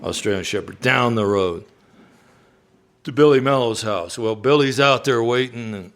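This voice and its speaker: A man, a singer-songwriter, telling an animated story live on stage and acting out the people in it. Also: mid-range voice, moderate pace. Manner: animated storyteller, acts out quoted voices.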